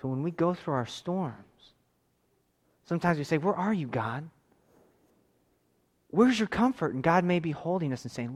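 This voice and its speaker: A man in his thirties preaching a sermon, moving between forceful raised passages and quiet, intimate tones. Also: fairly high pitch, expressive, moderate pace, pauses often. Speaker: pastor.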